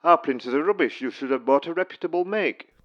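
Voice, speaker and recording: A man's voice: a little high, animated, fast, lo-fi sound. Patronizing help desk man. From Stocksbridge, England. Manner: polite, patronizing, dry. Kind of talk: comic sketch acting.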